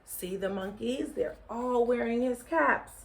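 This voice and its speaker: A woman teacher reading a picture book aloud to children, gently encouraging them to join in with movements. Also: fairly high pitch. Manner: slow, gentle, encouraging, leading children in actions.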